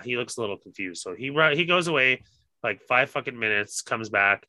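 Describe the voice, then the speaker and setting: A man with a strikingly bright, sharp-edged voice tells a story in casual podcast chat. He swears freely and laughs easily as he goes. The recording is dry and close-miked. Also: lowish voice, fairly quick, dry recording, rough recording. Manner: laughing, profane, anecdote-telling. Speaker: podcast co-host.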